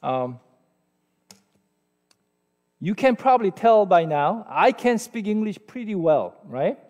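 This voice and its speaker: This slow, high-pitched male voice swings widely in pitch and has a darkish tone. He's a Korean-accented pastor in his forties, preaching a sermon in a chatty, self-deprecating manner and putting questions to his listeners. The recording carries a long hall reverb.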